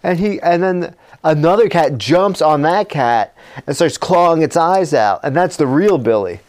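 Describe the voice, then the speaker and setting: A man co-hosting a comedy podcast, improvising a horror movie plot in a rambling, energetic way with frequent fillers. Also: on the high side, moderate pace. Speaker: podcast co-host.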